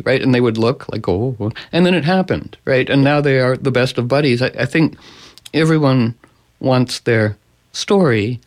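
A man's voice: mid-range voice, lively intonation, normal speed. A man hosting a radio show, telling rambling anecdotes in casual chat and playfully putting on voices for his animals.

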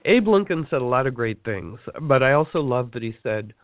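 A man teaching a course, telling rambling, animated stories and acting out the quotes he repeats. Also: medium pitch, brisk, few pauses, no echo. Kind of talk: storytelling talk on a teleseminar. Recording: tinny phone line, dry.

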